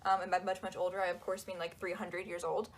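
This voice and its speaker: A young woman giving casual, sarcastic commentary on a book, acting out quotes in quick asides. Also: on the low side, little pitch movement, very noisy. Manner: sarcastic, chatty, acts out quotes.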